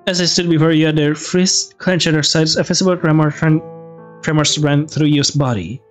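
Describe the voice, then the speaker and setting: A man reading a visual novel aloud with casual asides, halting and restarting words. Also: on the high side, fairly even intonation, faint music behind. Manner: halting, restarts words, reads with some feeling.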